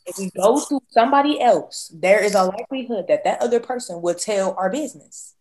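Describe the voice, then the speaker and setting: A woman's voice: medium pitch, a little fast, crowd noise. A woman co-hosting a casual podcast, giving emphatic opinions in loose slang. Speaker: podcast co-host.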